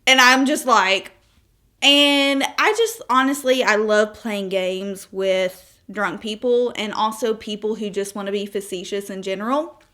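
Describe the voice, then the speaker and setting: A woman's voice: medium pitch, a little slow, sharp tone. A 25-year-old woman chatting casually through a makeup tutorial, telling stories with asides and laughs. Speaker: beauty vlogger.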